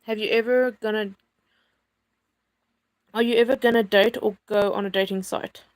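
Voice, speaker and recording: Woman co-host, casual chat, teasing tone, mid pitch. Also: steady tone, moderate pace. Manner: teasing, asks questions.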